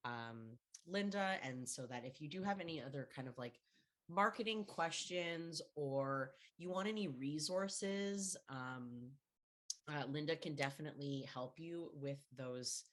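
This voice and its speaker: A woman's voice: low voice, unhurried. A woman hosting a casual online panel chat from her home, playful and bubbly, laughing as she talks over a video call. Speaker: host.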